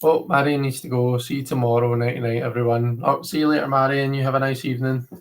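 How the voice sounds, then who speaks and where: A man's voice: mid-range voice, level tone, fast, poor audio. Chatty Scottish man streaming live. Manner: rambling, chatty, many filler words. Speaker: livestream host. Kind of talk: casual livestream chat.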